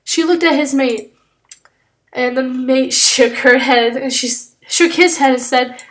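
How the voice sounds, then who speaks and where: High-voiced woman telling a story while drawing. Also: a little slow, fairly bright tone. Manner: rambling, frequent fillers and self-corrections. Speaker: drawing channel creator.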